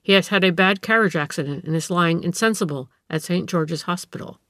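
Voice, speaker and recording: A woman voicing a gentleman man of science who speaks earnestly and bluntly. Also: on the low side, no room sound, clean studio sound, close to an everyday voice. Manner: measured, blunt.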